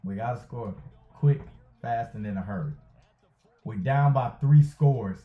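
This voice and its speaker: Man, gaming commentary, excitable play-by-play, repeats himself, roomy echo, tinny lo-fi sound. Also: medium pitch, unhurried. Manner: excitable, hypes and groans at each play, repeats phrases. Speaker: gaming YouTuber. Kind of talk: excited play-by-play commentary over a football video game. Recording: tinny phone-like sound in an echoey room.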